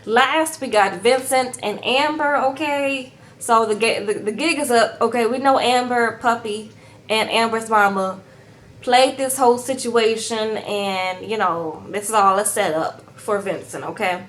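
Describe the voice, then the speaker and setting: A woman's voice: a little high, measured pace, a bit bright. A woman recapping a reality show in a sassy, chatty tone, keeps tagging her sentences with "okay?" and calls her viewers "girl". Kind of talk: casual recap chat.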